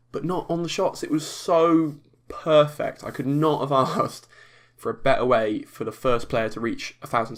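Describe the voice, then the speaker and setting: Chatty young male snooker podcaster. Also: medium pitch. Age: young adult. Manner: chatty and excitable, with frequent restarts and laughs. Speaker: podcast host. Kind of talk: casual solo podcast commentary.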